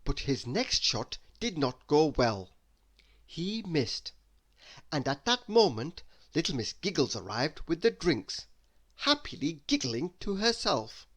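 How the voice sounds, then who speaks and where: A man reading a children's bedtime story aloud, animated and asking the listener questions as he goes. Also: on the high side, slow pace.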